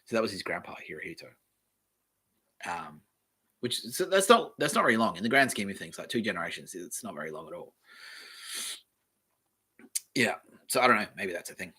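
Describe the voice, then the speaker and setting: A man hosting a podcast from home reads from a screen and rambles offhandedly, cracking jokes and often dissolving into mumbles. His voice is low-pitched and husky, pushed and bright, with big pitch swings, a brisk pace and frequent pauses.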